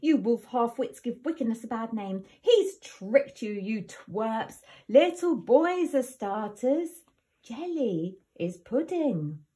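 A woman's voice: a little high, sing-song, slow pace. A woman voicing a spiteful wicked fairy who snarls insults. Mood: snarling. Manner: snarling and loud.

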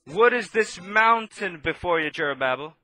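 A man preaching a sermon, impassioned and swinging between loud outbursts and hushed asides. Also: high-pitched, animated, unhurried.

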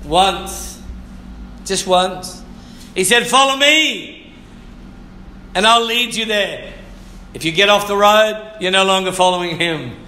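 A man preaching with a high, very bright voice that rings in an echoey church room. He speaks slowly and fervently, repeats his phrases and now and then shouts or sings a line. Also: lively intonation, a little hiss or hum. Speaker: pastor. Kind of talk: sermon.

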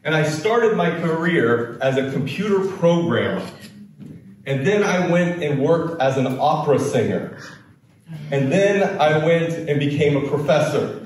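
An American-born man giving a storytelling talk as a keynote speaker, with slow, dramatic delivery and acted quotes. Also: on the high side, heavy reverb, far from the mic, a little hiss or hum, poor audio. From United States.

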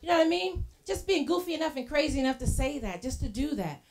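Lady preacher telling stories in church, kinda high voice, chatty and animated. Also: quick pace. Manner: lively storytelling, acting out quoted voices; casual colloquial phrasing. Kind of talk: sermon.

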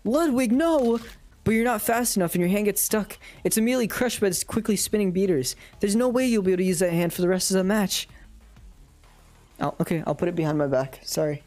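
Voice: medium pitch, fast, a little mellow, dry recording, faint music behind. A streamer casually reading a dating sim aloud on a live stream, swearing and laughing at their own slips.

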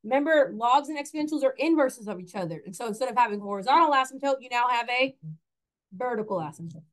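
A woman with a bright, high voice teaches a math lesson in a classroom. She talks in a chatty way, keeps asking the class questions and corrects herself as she goes. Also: animated, quick pace.

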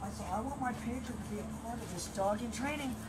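Speaking fast in a fairly high voice, a woman trains her dog and chats casually. Her playful demo talk includes sing-song repeats, and the outdoor recording is noisy.

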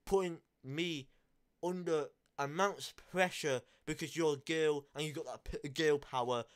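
A man's voice: fairly high pitch, unhurried. A young man, talking straight to camera in a heated, blunt rant full of swearing and repeated phrases. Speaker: vlogger. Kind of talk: angry confessional rant to camera.

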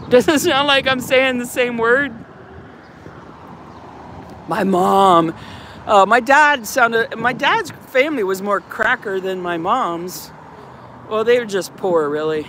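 A woman's voice: fairly high pitch, lively intonation, slow pace, long pauses, fairly bright tone, slight background noise. A woman with a slight Southern drawl, chatting casually while filming a walking vlog outdoors. She rambles and breaks into mock-officious announcements. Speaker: vlogger filming outside a church building. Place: outdoors, walking around grounds.

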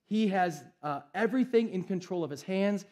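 A man's voice: high-pitched, animated, moderate pace, darkish tone. A young adult man, a pastor preaching a sermon in an emphatic, conversational way.

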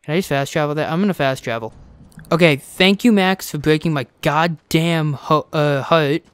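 A young man narrating his gameplay with a clear, smooth voice, fairly high for a man. He talks close to the mic in a dry, dead room, cursing and exasperated. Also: normal speed, dry recording. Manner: profane, exasperated, animated. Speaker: let's play host. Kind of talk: gaming commentary.

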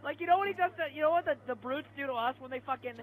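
A man's voice: extremely high pitch, very fast, rough recording. A young man playing a co-op game with a friend, swearing freely and rambling about the game. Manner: crude, swears a lot, rambling. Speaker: co-op gaming partner. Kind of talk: casual co-op let's play chat.

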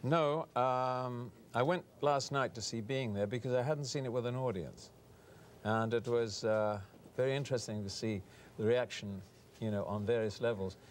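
A middle-aged English man being interviewed, hesitant and soft-spoken with a dry wit. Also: mid-range voice, normal speed, a little hiss or hum. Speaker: actor, interview guest. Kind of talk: casual TV interview.

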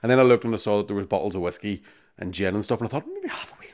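Male podcast host, low register, rattles through crude anecdotes. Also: darkish tone. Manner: rapid, profane, laughing anecdotes. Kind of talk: casual storytelling chat.

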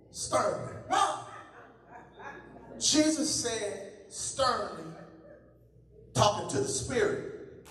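A man pastor delivering an impassioned call-and-response sermon in a church, building to shouts. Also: high-pitched, lively intonation, slow pace, long pauses. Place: church sanctuary. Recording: echoey hall from far off, congregation audible. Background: congregation.

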